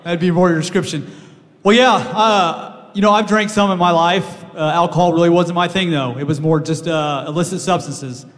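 A man giving a personal testimony in a halting way, with many pauses and restarts. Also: sits high, fairly even intonation, a bit bright. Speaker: guest speaker sharing testimony. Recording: hall with long reverb.

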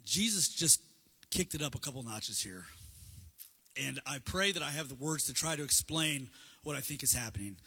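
Male preacher, high bright husky voice, chatty sermon, reverberant hall. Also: lively intonation, moderate pace. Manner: casual, conversational, acts out dialogue. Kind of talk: sermon with slides.

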